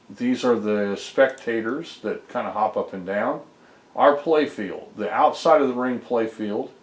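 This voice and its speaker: A low-pitched man explains his game code in a loose, rambling vlog. He fills the pauses with ums and uhs as he goes step by step. His voice carries an echo from the room around him. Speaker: homebrew game developer. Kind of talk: casual screen-recorded dev vlog.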